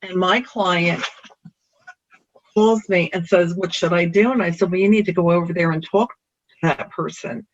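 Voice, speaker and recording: A realtor telling a personal story in an animated way, the pitch jumping up for emphasis. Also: moderate pace, long pauses, slight background noise. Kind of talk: personal anecdote. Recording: dull lo-fi recording.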